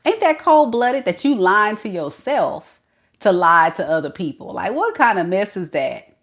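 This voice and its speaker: A woman giving an animated tarot reading, often laughing and acting out what the other person is thinking. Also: medium pitch, a little slow. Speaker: tarot reader.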